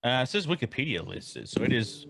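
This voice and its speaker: A man's voice: mid-range voice, very animated, fast, gravelly, fairly bright tone. A man co-hosting a casual podcast, dropping dry joking asides. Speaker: podcast co-host. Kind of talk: casual chat.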